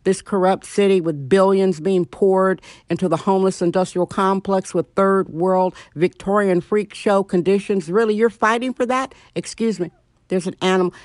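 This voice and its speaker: A woman's voice: mid-range voice, steady tone, normal speed, a little mellow, no echo, clean studio sound. A middle-aged woman hosting her own show, ranting bluntly and sarcastically at home. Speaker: podcast host. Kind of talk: opinionated solo monologue.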